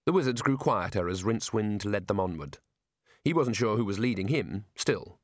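A man narrating an audiobook in a wry, expressive storytelling manner. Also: lowish voice, normal speed, dry recording, clean studio sound. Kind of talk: scripted narration.

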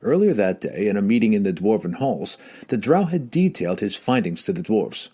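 A man narrating a fantasy audiobook with an expressive storytelling delivery. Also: lowish voice, moderate pace, hardly any pauses, slightly rough.

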